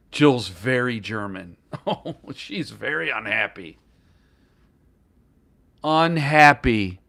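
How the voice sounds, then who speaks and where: A man's voice: fairly high pitch, sing-song, unhurried, bright, forceful tone. A man hosting a casual live stream about books, rambling and joking as he reacts to chat comments. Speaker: booktuber host.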